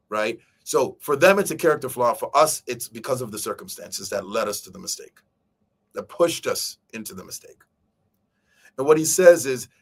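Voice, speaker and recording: A man hosting a live stream, talking casually to his viewers about a book and acting out quoted speech along the way. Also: medium pitch. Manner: animated, addresses viewers directly, acts out quoted speech. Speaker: show host.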